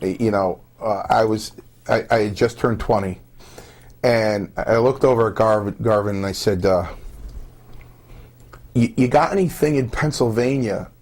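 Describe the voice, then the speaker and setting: Rambling former wrestler telling stories. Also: male voice, fairly low pitch, a little mellow. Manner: rambling anecdotes, many fillers and restarts. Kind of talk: casual storytelling on a radio call-in show.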